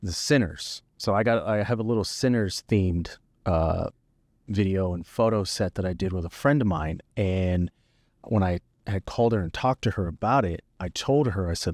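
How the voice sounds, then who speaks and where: A man with a deep, low voice talks through his creative work in an easy, unhurried way. The sound is close and dry, with no room around it. He speaks like a guest on a casual podcast. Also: no room sound. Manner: relaxed storytelling, easy and conversational. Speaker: guest videographer.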